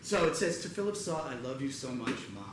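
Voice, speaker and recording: A man tells comic stories from a theater stage. His slightly high voice swings up and down as he acts out other people in loud bursts. The sound is echoey, with clear room noise behind it. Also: animated, a little fast. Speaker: comedian performing a one-person show. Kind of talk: live storytelling stand-up. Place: theater stage before a live audience. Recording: echoey theater with audience ambience.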